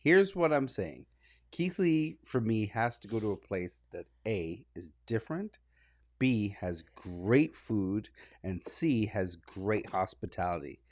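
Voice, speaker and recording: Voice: mid-range voice, slow, dry recording, studio quality. A podcast co-host in casual chat who laughs a lot while telling stories. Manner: laughs a lot, lively rise and fall.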